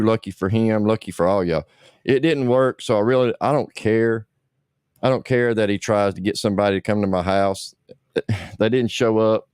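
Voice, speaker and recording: A man's voice: fairly low pitch, a little mellow, smooth, no echo, clean studio sound. A man hosting a livestream, ranting bluntly with lots of swearing and repetition. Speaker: livestream host.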